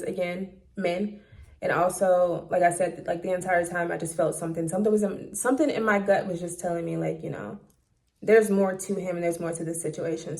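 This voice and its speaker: A woman's voice: lowish voice, darkish tone. A woman vlogger telling a personal story in a casual monologue, candid and blunt, swearing freely, recorded on a phone.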